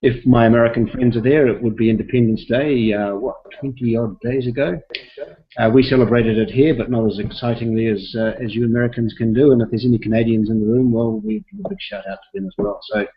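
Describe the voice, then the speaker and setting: A man's voice: mid-range voice, fast. A man hosting a team call, chatty and upbeat, rambling with fillers as he welcomes people over a video call. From South Pacific, not Australia. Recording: dull lo-fi call audio.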